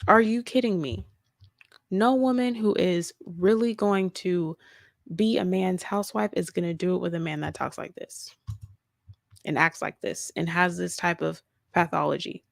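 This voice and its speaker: A woman's voice: lowish voice, fairly even intonation, normal speed, vocal fry, no room sound, clean studio sound. A woman hosting casual reaction commentary, talking emphatically and repeating her points. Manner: emphatic, repeats points, laughs mid-sentence. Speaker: commentary host.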